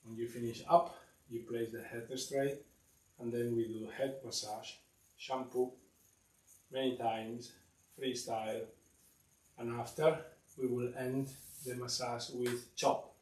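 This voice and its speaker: Slow-talking man teaching massage. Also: medium pitch, level tone, a little mellow. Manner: slow, simple instructions in short phrases. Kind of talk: instructional class narration. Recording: echoey room, distant mic, faint noise.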